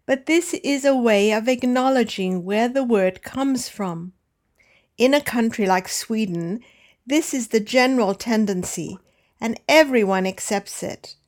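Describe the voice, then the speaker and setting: Slow, precise woman teacher. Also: fairly high pitch. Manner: slow, careful, deliberate enunciation. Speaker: English pronunciation teacher. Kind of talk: scripted pronunciation lesson.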